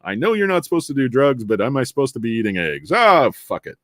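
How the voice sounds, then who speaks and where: A man's voice: medium pitch, very animated, quick pace, fairly bright tone, no echo, studio quality. A man voicing a confused, fretful father who rambles through anxious questions. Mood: bewildered. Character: confused middle-aged dad, fretful then reckless.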